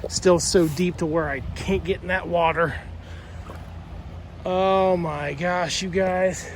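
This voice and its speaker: Outdoor vlogger, male, excitable, chatty with viewers, slightly high voice; handheld mic, traffic noise behind. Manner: excitable, exclaims and talks to viewers as "you guys". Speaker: magnet fishing vlogger. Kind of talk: casual vlog talk to camera. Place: outdoors by flooded water in a park. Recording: outdoor noise with passing cars.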